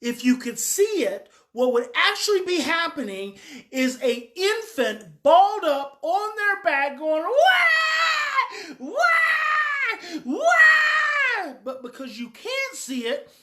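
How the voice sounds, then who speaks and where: A parenting coach with a high-pitched, very animated voice speaks a little slowly. She delivers a frank, emphatic daily talk, swearing a little and repeating her key points.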